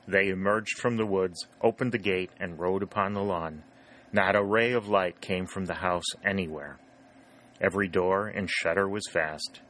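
Narrator: man, lowish voice, steady even reading of a historical novel. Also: moderate pace. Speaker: audiobook narrator. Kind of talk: scripted narration.

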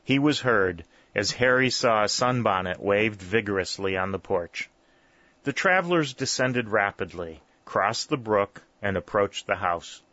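A man narrating a story in a steady, measured reading. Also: on the low side, no room sound. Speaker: audiobook narrator. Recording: dull, lo-fi dry recording.

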